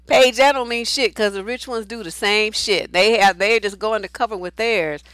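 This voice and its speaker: A woman's voice: medium pitch, moderate pace, fairly bright tone, no room sound. A woman relationship coach giving casual advice talk and answering viewer comments, blunt and outspoken, swearing freely.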